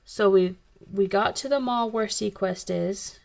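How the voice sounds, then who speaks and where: Chatty woman with vocal fry. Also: medium pitch, measured pace, a little mellow. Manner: rambling, chatty storytelling. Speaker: coloring channel host. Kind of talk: casual chat while coloring.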